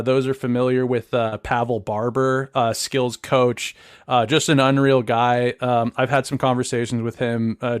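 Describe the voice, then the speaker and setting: A man's voice: mid-range voice, dry recording. A man with a mid-range voice hosts a casual interview, recorded dry with almost no room sound. He feels his way through his questions, stopping often on "uh" and "um". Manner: hesitant, many "uh" and "um" fillers. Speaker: podcast host.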